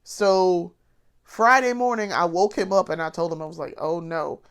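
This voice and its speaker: A woman's voice: lowish voice, normal speed, smooth. A woman vlogger ranting bluntly while sick and congested, swearing freely and restarting her sentences. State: sick with covid, congested and coughing. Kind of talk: casual vlog rant.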